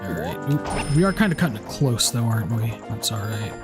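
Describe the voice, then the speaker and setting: A man's voice: lowish voice, big pitch swings, fairly quick. A man giving casual let's play commentary, rambling with many restarts and fillers. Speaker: gameplay commentator. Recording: game music playing behind.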